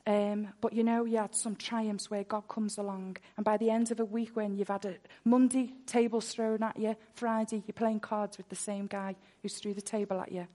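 A woman's voice: mid-range voice, level tone, normal speed, few pauses, warm tone. A woman preaching a sermon full of personal testimony, earnest, and she repeats words when she gets worked up.

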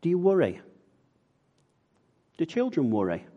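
A man's voice: fairly high pitch, wildly swooping pitch, normal speed, long pauses, highs cut off. A man preaching a sermon in a conversational way, often putting questions to the congregation.

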